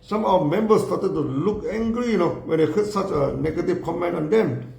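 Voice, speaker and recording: Animated high-voiced man telling a story. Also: a little fast, gravelly, roomy sound. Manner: animated retelling with quoted voices, fillers "you know" and "no". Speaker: speaker telling a business story. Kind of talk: storytelling talk.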